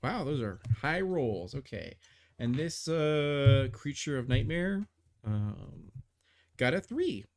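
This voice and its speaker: A man's voice: mid-range voice, very animated, takes it slowly, creaky, darkish tone. A man narrating as game master of a tabletop game on a live stream, rambling with many fillers and restarts.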